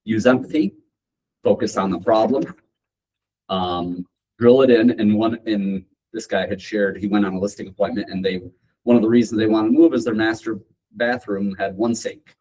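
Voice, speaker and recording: Moderator, male, low husky voice, relaxed summarizer. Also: moderate pace, low-quality recording. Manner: relaxed, summarizing, asks questions. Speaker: panel moderator. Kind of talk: casual panel discussion.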